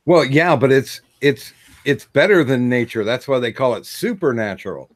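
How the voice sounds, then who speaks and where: A man hosting a casual livestream chat, talking in a halting way with many fillers and restarts. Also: mid-range voice, animated, dry recording. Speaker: stream host.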